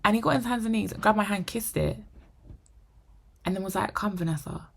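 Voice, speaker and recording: A young woman vlogger telling a personal story to camera, animated and acting out the dialogue. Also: mid-range voice, normal speed, gravelly. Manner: animated, acts out quoted dialogue; drops to a whisper for inner thoughts. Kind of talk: storytime monologue.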